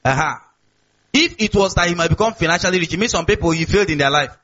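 High-voiced husky preacher, lo-fi sound. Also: male voice, fast talker, pushed and bright. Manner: call-and-response preaching, repeats key words. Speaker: pastor. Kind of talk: sermon. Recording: dull lo-fi recording.

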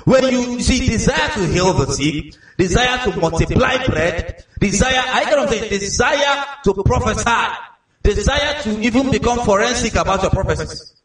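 A man with a Nigerian accent preaching a sermon, telling stories in a lively way that repeats words. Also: high-pitched, moderate pace. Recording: echoey hall from far off.

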